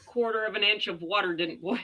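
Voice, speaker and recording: An American woman hosts a relaxed livestream chat with a guest. Her voice is very bright and forward, at a middle pitch. She tells stories and laughs often as she goes. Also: a little fast, poor audio. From United States. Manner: chatty, laughs often, storytelling. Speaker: channel host.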